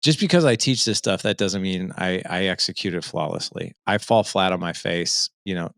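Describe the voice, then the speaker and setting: A man's voice: deep voice, normal speed, creaky, a bit bright, clean tone, dry recording, studio quality. A man in his forties telling a personal story in an earnest, emphatic way, often checking in with "right?". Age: 40s. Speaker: fatherhood coach and podcast host, here a guest. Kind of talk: conversational storytelling.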